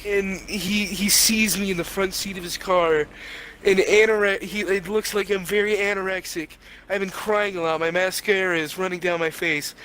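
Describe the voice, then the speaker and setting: A man's voice: high-pitched, steady tone, normal speed, fairly bright tone, a little hiss or hum, poor audio. A young man co-hosting a podcast, narrating an improvised comic story in a rambling, crude, playful way. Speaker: podcast co-host.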